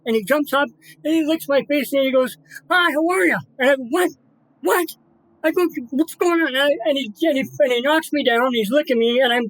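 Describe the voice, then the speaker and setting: High-voiced middle-aged man, earnest storyteller. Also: low-quality recording. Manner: earnest, repeats himself, acts out voices in his story. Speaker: guest. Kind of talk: emotional personal storytelling.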